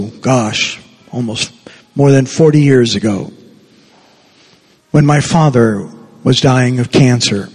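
An older man delivers a sermon as a parish priest, his voice a little husky and pitched somewhat high. He speaks very slowly, leaning on pauses for weight. The church rings with a long reverb around him. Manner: slow, deliberate preaching with emphatic pauses.

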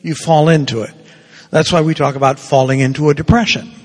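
A priest in his sixties giving a sermon, playful and animated, acting out little quotes as he goes. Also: a little high, a little fast. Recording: reverberant hall.

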